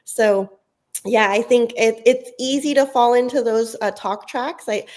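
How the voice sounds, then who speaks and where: A woman's voice: on the high side, measured pace, a little mellow. A woman on a virtual panel speaking in an upbeat, encouraging way. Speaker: summit speaker. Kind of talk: panel discussion. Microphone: video call.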